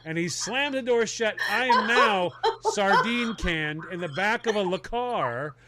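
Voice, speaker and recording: Animated high-voiced man telling a story. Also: a little slow, heavy background noise. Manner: animated, laughing through the story. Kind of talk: casual comedic storytelling.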